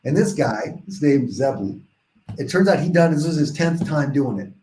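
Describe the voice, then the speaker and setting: A man telling a long personal story as a podcast guest, rambling and animated, full of restarts and quoted voices. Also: fairly high pitch, moderate pace. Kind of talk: casual storytelling in a podcast interview. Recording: echoey room.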